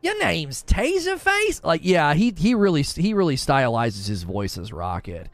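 A man's voice: medium pitch, normal speed, dry recording, faint music behind. A man hosting a gaming news show, rambling in casual chat and answering viewers' questions.

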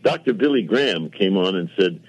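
A man's voice: low voice, expressive, a little fast, dry recording. An older man, a television producer, telling long rambling anecdotes in a casual interview with quoted dialogue and self-mocking asides. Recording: dull lo-fi radio audio.

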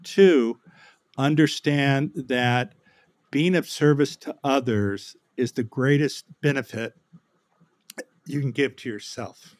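A man as guest author in a podcast interview, speaking in a measured, reflective way and clearing his throat now and then. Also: mid-range voice, no echo.

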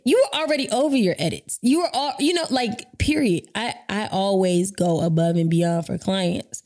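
A woman in her thirties, a business owner hosting a podcast, telling a story in a casual, animated way, swearing freely and laughing often. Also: moderate pace, hardly any pauses. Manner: animated, profane, laughs often, jumps into high voices for quotes.

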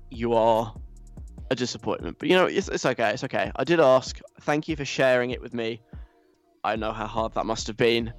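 Young man teasing listeners. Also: mid-range voice. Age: young adult. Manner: teasing, mock-stern. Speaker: host reading listener messages. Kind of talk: casual chat.

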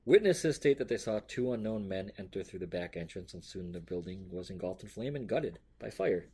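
A man's voice: sits low, lively intonation, a little fast, warm tone, slightly rough. A man hosting a casual true-crime podcast, reading from notes loosely, swearing offhandedly and laughing often. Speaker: podcast host. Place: home room with a noisy cat.

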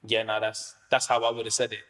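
A man's voice: lowish voice, flat delivery, fast, fairly bright tone. A man, a comedian chatting as a podcast guest, rambling and slangy with lots of fillers. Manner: slangy, rambling, many fillers and "do you know what I mean". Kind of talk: casual podcast chat.

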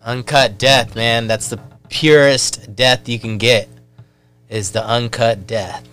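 A man's voice: mid-range voice, steady tone, slow, fairly bright tone, soft background music. A man, a podcast guest telling a wild story in loose, profane, casual talk.

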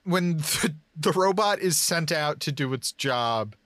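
A man's voice: fairly high pitch, animated, fairly bright tone, no room sound. Man joking in a dry, close recording. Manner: joking, laughing, quick asides. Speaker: podcast co-host. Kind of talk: casual chat.

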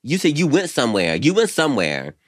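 A young man co-hosting a podcast, chatting casually and sassily, saying "girl" at every turn and laughing loudly. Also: mid-range voice, huge pitch swings, brisk, no echo, studio quality. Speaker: podcast co-host. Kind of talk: casual chat.

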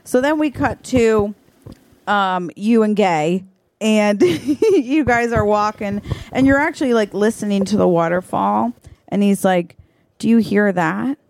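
A woman's voice: mid-range voice, unhurried, gravelly, darkish tone, slight background noise. A woman co-hosting a comedy podcast, improvising a story in a chatty, giggly way with lots of fillers. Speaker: podcast co-host.

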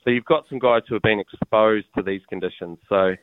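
A man's voice: lowish voice, fairly quick, narrow, tinny audio. A man with a New Zealand accent, a show regular calling in from abroad, chatting in a laid-back, matey way. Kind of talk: casual chat.

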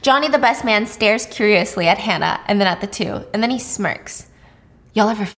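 A woman casually retelling a thriller's plot, animated and chatty, with frequent asides and the odd swear word. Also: medium pitch, moderate pace. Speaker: storyteller host. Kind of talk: casual storytime recap of a thriller.

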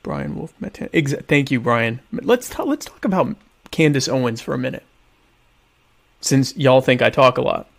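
Gravelly, sarcastic man hosting a livestream. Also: mid-range voice, big pitch swings, normal speed. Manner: sarcastic, self-mocking, rambling asides. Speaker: livestream show host. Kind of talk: casual rambling livestream chat.

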